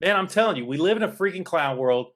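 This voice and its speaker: A man's voice: high voice, animated, quick pace, a bit bright. A man co-hosting a podcast, ranting in a heated, worked-up way into a studio mic. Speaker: podcast co-host. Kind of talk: political podcast rant.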